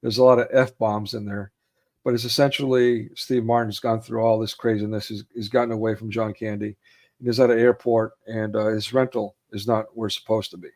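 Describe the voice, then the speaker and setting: A man's voice: fairly low pitch, flat delivery, a little fast, a little mellow. A man in casual conversation, recalling favorite film scenes and laughing easily as he talks. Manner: retells film scenes, acting out quotes with raised voice; laughs easily, many fillers. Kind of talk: casual chat about films.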